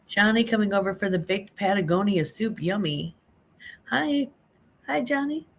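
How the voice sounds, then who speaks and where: A woman's voice: medium pitch, moderate pace. A half-awake woman hosting a casual late-night live stream on her phone, chatting and reading viewer comments aloud, calling people honey.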